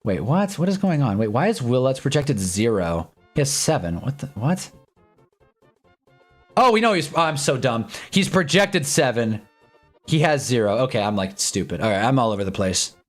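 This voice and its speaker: Excitable young man streaming football. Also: medium pitch, normal speed, faint music behind. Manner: excitable, swings from mumbling to shouting at plays. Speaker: live stream host. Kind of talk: casual live sports watch-along chat.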